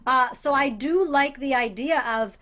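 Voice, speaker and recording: A woman comedian from Alabama on a panel, animated and thoughtful, with mocking asides. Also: sits high, measured pace. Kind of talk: casual panel chat.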